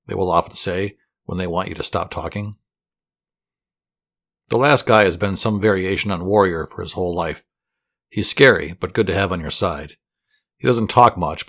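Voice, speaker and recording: A man telling a guided fantasy story to relax to, in a soothing, steady voice with dry humor. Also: deep voice. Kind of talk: calm guided fantasy narration.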